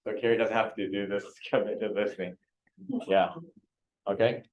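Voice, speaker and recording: Low-voiced male trainer, muffled sound, quizzing a class. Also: flat delivery, moderate pace. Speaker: real estate trainer. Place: training room.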